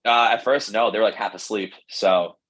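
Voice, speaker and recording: Young man with a low husky voice. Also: moderate pace, poor audio. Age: young adult. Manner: rambling, filler-heavy, animated retelling with quoted dialogue. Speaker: pro baseball pitcher, guest. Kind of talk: casual storytelling interview.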